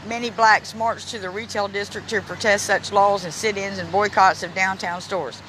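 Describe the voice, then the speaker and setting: Bright high-voiced man touring a city park. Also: steady tone, a little hiss or hum, low-quality recording. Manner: halting reader, stumbles and restarts; emotional, close to tears. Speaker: vlogger giving a walking tour. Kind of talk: casual walking-tour vlog, reading signs aloud.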